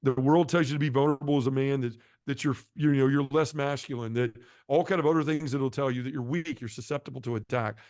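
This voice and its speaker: A man's voice: fairly even intonation, fast talker, hardly any pauses, darkish tone, no room sound, studio quality. A middle-aged man who is a podcast guest, telling his conversion story in an earnest, impassioned way. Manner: earnest and impassioned, shifting pitch and volume. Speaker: guest sharing a conversion testimony. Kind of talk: emotional testimony storytelling.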